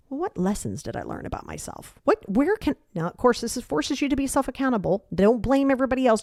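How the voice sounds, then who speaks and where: A woman's voice: fairly high pitch, a little mellow, no echo, studio quality. Blunt middle-aged woman giving tough-love advice. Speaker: podcast host and emotional coach. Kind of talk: solo podcast monologue.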